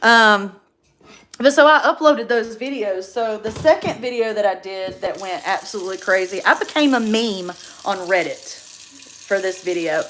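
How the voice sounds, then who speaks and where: A woman, chatting casually and animatedly on a livestream, quick to laugh. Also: mid-range voice, lively intonation, a bit bright, a little hiss or hum. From North Carolina.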